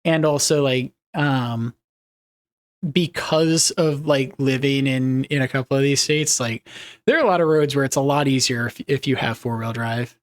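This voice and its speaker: A man's voice: mid-range voice, normal speed. A young man chatting casually on a live stream, rambling and reading chat messages aloud with easy laughs.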